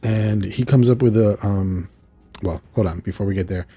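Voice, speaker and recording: Man, casual reviewer, chatty, mellow voice, a bit husky. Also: lowish voice, normal speed. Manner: chatty and loose, with frequent fillers and laughs. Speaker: video reviewer. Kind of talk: casual recap of a cartoon episode.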